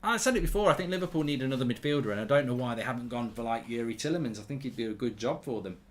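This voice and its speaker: A man's voice: medium pitch, lively intonation, racing. A man hosting a live football watchalong, chatting with viewers in a rambling, conversational way. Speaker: host.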